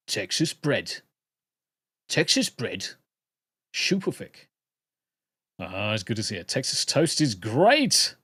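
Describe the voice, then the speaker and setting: A man's voice: mid-range voice, no room sound, studio quality. A British man hosting a livestream, chatting casually to viewers in a rambling, jokey way and swearing freely. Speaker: livestream host.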